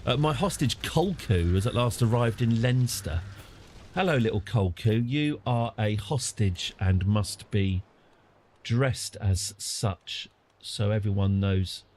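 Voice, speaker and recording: A British man streaming a strategy game, chatting through it and getting excited and apologetic in turns. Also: on the low side, takes it slowly. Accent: British English. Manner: chatty, easily excited, apologetic after outbursts. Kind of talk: live game commentary.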